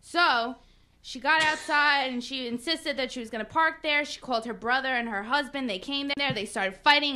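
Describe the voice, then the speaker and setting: A woman presenting a news segment on an internet radio show, telling stories in a giggly, animated way. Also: high-pitched, moderate pace. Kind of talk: casual studio banter, reading news stories.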